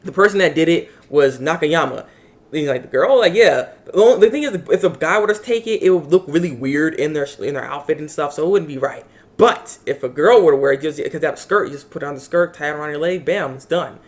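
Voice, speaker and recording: Male anime reviewer, casual rambling recap, quick delivery. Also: fairly high pitch. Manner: rambling, animated, acts out characters' lines.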